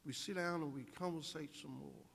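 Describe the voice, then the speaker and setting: An older man delivers an inspirational speech to students, building his points with emphatic, preacher-like repetition. His voice sits a touch high and carries a gravelly edge. A long reverb trails every phrase across the large hall. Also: normal speed, fairly bright tone. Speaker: guest speaker. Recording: echoey hall.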